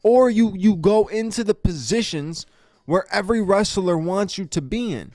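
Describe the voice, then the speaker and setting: A podcast host, a man whose voice sits fairly high, rants through a casual fight review. He sounds exasperated and curses freely, and his sentences stammer and restart. The sound is dry and close, with faint music underneath. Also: expressive, moderate pace, dark tone, dry recording. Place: podcast studio.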